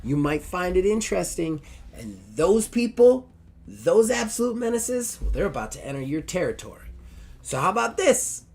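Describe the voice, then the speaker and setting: A man's voice: sits high, very animated, normal speed, creaky, darkish tone, slightly rough, pitched above the performer's own voice, heavily acted. A man voicing a bubbly young woman who talks in gushing valley-girl style, full of "like" and "totally". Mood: persuasive.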